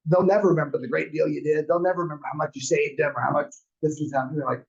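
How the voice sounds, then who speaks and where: A man's voice: a little high, steady tone, racing, gravelly, breathy edge. A man in his forties teaching a class, rambling through personal anecdotes and acting out quotes in a dull lo-fi recording. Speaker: real estate class instructor. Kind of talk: casual storytelling lecture.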